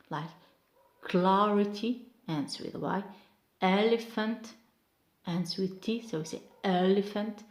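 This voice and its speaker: A woman, teaching English word stress slowly and carefully, repeating each example word. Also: on the low side, roomy sound. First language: Arabic. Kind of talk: online pronunciation lesson.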